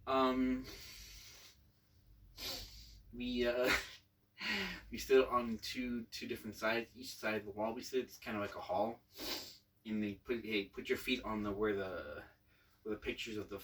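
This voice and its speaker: A man's voice: on the low side, fairly even intonation, normal speed, fairly bright tone, distant mic, rough recording. A man hosting his channel, telling a casual story about his service with many fillers and restarts. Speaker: channel host, Navy veteran.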